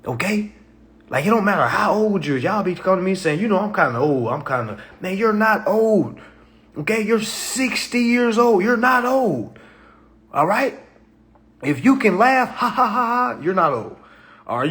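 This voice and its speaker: A man's voice: high-pitched, a bit bright. A man hosting a live stream, talking casually in a preachy, repetitive way, often asking "okay?" and acting out other people's doubting replies.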